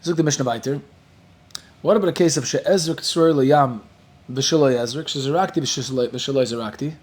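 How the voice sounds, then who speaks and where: A man whose first language is Yiddish, teaching a Talmud class in a lively, joking way. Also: mid-range voice, moderate pace. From Williamsburg, Brooklyn. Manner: lively, joking, mixes Hebrew and Yiddish terms into English.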